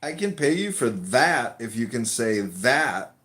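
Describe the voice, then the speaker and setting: A man hosting, cracking deadpan, provocative jokes in casual banter. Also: mid-range voice, a little slow. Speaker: host.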